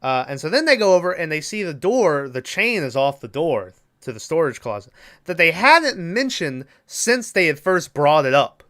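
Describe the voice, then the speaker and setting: Bright, crisp-voiced man recapping a movie. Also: on the high side, big pitch swings, normal speed. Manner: loose, profane storytelling, acts out characters' lines. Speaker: podcast co-host. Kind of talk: casual movie-recap chat.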